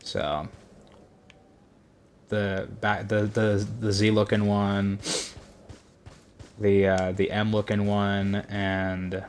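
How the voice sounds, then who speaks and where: Slow, low-voiced man streaming a game. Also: fairly even intonation, slight background noise. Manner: slow, halting, swears at enemies. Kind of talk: casual gameplay commentary.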